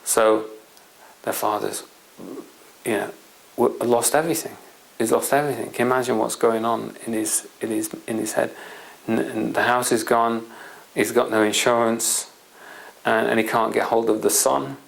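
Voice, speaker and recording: Guy rambling through a story to make his point, gravelly voice, middling pitch, lots of asides. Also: level tone, moderate pace, rough recording. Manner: rambling, anecdotal, many asides to the listener. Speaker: presenter. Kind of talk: explanatory storytelling talk.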